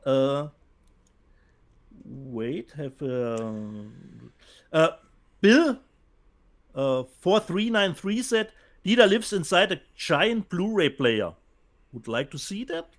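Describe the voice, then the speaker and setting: A man's voice: on the high side, sing-song, slow pace, long pauses. A man from Germany with a German accent, co-hosting a casual live stream and reading out viewer comments, hesitant with many fillers. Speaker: co-host. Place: home, remote call.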